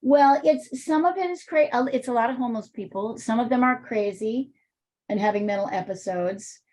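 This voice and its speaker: A woman's voice: a little high, normal speed, a little mellow, rough recording. A woman teaching an art class, chatting casually and telling rambling stories.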